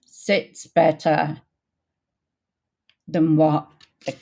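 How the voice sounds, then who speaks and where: An older woman hosting a casual card-making livestream, chatting in an unhurried way with many ums and greeting viewers by name. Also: low voice, little pitch movement, gravelly, mellow. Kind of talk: casual crafting livestream chat.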